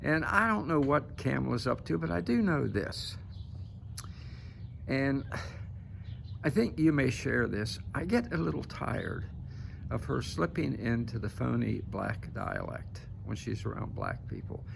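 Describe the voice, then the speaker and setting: Gravelly man ranting to camera. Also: mid-range voice, lively intonation, a little slow, slight background noise. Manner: emphatic, keeps tagging "okay?". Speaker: political commentator. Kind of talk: casual political commentary to camera.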